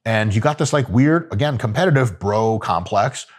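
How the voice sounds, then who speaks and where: A man's voice: lowish voice, lively intonation, moderate pace. A man giving casual, profane, joking coaching talk about gym training. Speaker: fitness coach.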